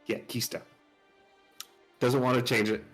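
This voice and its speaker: Man, tabletop player, halting in-character talk, faint music, mid-range voice. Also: mid-range voice, little pitch movement, fairly bright tone. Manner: halting, hesitant, laughing easily. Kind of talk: in-character tabletop role-play.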